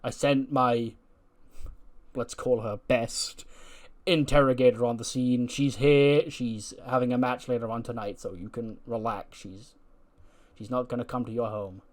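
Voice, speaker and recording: A man's voice: mid-range voice, fairly even intonation, measured pace, close to an everyday voice. A man voicing a harried male wrestling manager reassuring someone on the phone.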